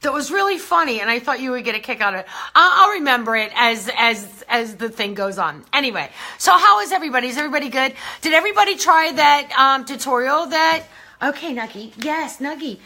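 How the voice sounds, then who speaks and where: Woman, slightly breathless, greeting fans live in a high, bright voice. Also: animated, a little fast. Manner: chatty, greets viewers by name. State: a little out of breath. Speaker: beauty brand host. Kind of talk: casual livestream chat.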